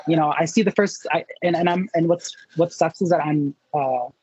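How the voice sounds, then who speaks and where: A man being interviewed, telling a story in a chatty, animated way and acting out his own reactions in quotes. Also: fairly high pitch, normal speed, slightly rough, no room sound, dull audio. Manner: chatty with many fillers and restarts. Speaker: interview guest.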